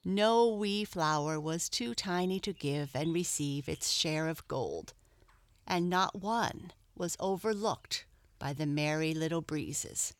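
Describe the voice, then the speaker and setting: A woman narrating a children's storybook in a gentle, storytelling manner. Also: deep voice, takes it slowly, no echo.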